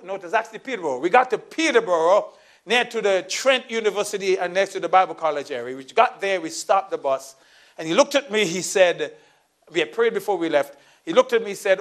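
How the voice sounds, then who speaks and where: High-voiced pastor telling a story in a sermon. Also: male voice. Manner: storytelling, shifts between soft asides and raised emphatic lines.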